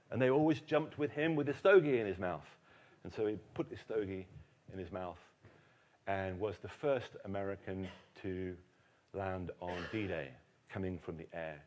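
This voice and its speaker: A middle-aged man with an English accent tells a history story to a live audience as keynote speaker, dropping dry, teasing jokes. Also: lowish voice. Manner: dry, joking asides to the audience.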